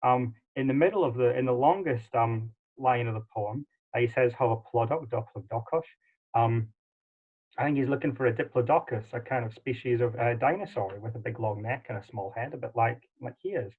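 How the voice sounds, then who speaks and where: A man's voice: medium pitch, fairly quick, breathy edge. A man giving an online livestream lecture in a chatty way, with frequent ums and uhs. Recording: tinny phone-like audio.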